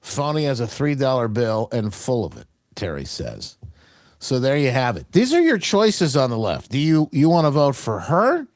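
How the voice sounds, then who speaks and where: Animated, mocking male talk host. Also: mid-range voice, normal speed, dry recording, studio quality. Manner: mocking, animated, trailing restarts. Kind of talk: opinionated political commentary.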